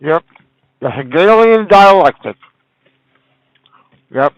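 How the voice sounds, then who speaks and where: A man's voice: a little high, animated, slow pace, no echo, highs cut off. A man in casual conversation who rants angrily with heavy profanity. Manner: angry, heavily profane ranting.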